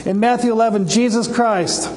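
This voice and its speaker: A man's voice: extremely high pitch, steady tone, moderate pace, darkish tone. A man preaching a sermon with passion, raising his voice when he quotes scripture and sometimes restarting a phrase. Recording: long reverb, faint background noise.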